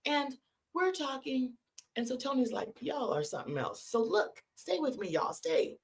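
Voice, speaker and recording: Animated woman host telling a story. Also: high-pitched, normal speed. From California. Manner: animated, conversational, addresses listeners as y'all. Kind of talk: live-stream storytelling.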